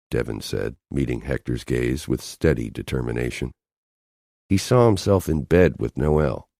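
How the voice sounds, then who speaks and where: A man's voice: extremely low pitch, a little slow, gravelly, a little mellow, no echo. A man narrating a romance audiobook in an intense, dramatic way on a close studio mic. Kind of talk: scripted narration.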